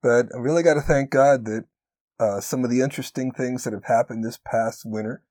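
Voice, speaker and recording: A man's voice: medium pitch, steady tone, a little mellow, no room sound. Earnest encouraging man, dry close sound. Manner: earnest, encouraging, slows down to stress key points. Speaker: podcast co-host. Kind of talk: conversational podcast talk.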